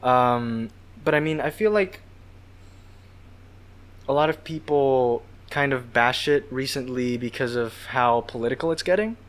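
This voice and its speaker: A man's voice: mid-range voice, a little slow. A man guesting on a casual podcast, giving his opinions with lots of hedging. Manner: hedging, says "I feel like" a lot.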